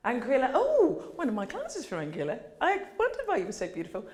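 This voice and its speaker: A woman's voice: high-pitched, wildly swooping pitch, fast, a little mellow. A woman giving a joking, chatty conference talk and bantering with the audience. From England. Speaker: conference speaker, doula. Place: conference hall. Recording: echoey conference hall.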